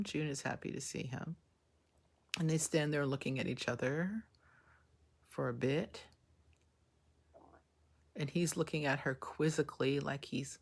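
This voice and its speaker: A woman's voice: sits low, gravelly. A woman hosting a live reaction to a TV episode, talking emotionally and exclaiming at each scene. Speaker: show reaction host.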